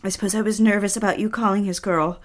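An actress playing a nervous young bride-to-be in an audio drama, speaking in a hesitant, self-conscious way. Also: female voice, mid-range voice, fairly even intonation, fast talker, natural voice. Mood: anxious. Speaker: lead character.

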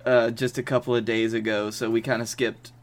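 A man co-hosting a casual comedy podcast, sick, with dry deadpan quips. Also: medium pitch, brisk. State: sick, coughing. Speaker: podcast co-host.

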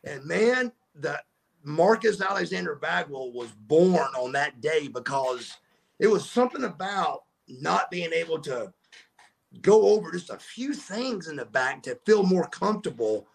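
A middle-aged man, a podcast guest telling stories in a casual, animated way and acting out the voices of the people in them. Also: a little high, a little slow, vocal fry. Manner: animated storyteller who acts out quoted voices. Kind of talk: casual storytelling.

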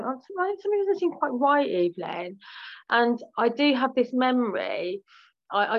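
A British woman with a medium-pitched voice talks frankly as a guest on a candid podcast interview, using lots of fillers and restarts. Her British English accent comes through a recording with the highs cut off.

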